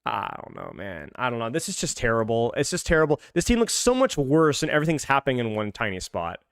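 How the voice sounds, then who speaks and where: A man's voice: medium pitch, wildly swooping pitch, fast talker, clean tone, dry recording, clean studio sound. Exasperated man reviewing a match. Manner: exasperated, rambling, repeats phrases over and over. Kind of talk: casual game review commentary.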